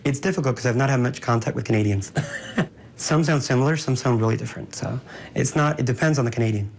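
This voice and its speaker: A man's voice: medium pitch, creaky, slight background noise. A man speaking enthusiastically in a casual interview, talking about languages and accents, with music playing behind him. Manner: fast, enthusiastic, imitates accents. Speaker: interviewee, polyglot.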